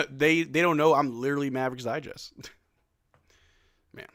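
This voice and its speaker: A man hosting a casual live watch-along, calling plays excitedly at home and tossing in joking asides with lots of "bro.". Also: fairly high pitch, unhurried. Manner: excitable play-by-play mixed with joking asides, says "bro" often. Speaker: live stream host.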